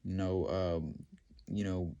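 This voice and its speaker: Guy going through a bible story, lots of uh and you know, low mellow voice. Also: little pitch movement, smooth, dull audio. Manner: halting, filler-heavy delivery. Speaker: Bible teacher. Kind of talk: retelling a Bible story with commentary.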